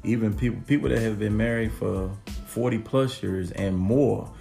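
A man co-hosting a casual podcast, speaking earnestly and easily, often circling back over his points. His voice is low with a gravelly edge. Faint music plays in the background. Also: moderate pace. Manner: relaxed, earnest, repeats phrases. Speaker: podcast co-host. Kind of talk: casual conversation.

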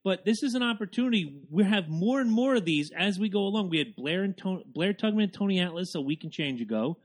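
A man co-hosting a podcast in casual, profane, excitable chat. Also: high-pitched, a little fast. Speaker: podcast co-host.

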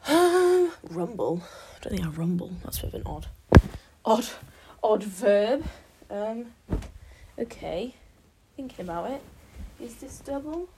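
A woman's voice: medium pitch, lively intonation, unhurried, pauses often, background noise. A young British woman with a slight cold, chatting to herself and her pets at home as she works on a task, often dropping into whispers. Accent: British English. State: slight cold, a bit out of breath. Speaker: vlogger. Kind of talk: casual solo vlog while building a blanket fort. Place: at home indoors.

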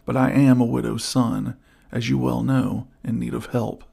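Guy reading a loyal frontier scout, firm low voice, kinda gravelly, audiobook. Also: little pitch movement, normal speed, dark tone. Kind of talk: audiobook character voice.

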